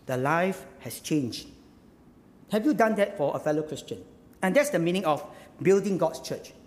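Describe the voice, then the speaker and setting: A male pastor preaches with emphasis, repeating his phrases and pressing the congregation with questions. His voice sits high and swings widely in pitch. It rings with the long reverb of a church hall. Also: lively intonation, normal speed. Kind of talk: sermon.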